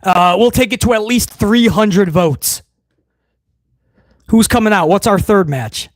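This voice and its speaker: A man's voice: sits high, a little slow, dry recording, clean studio sound. A man hosting a live wrestling watch-along stream, ranting bluntly and swearing freely in casual commentary.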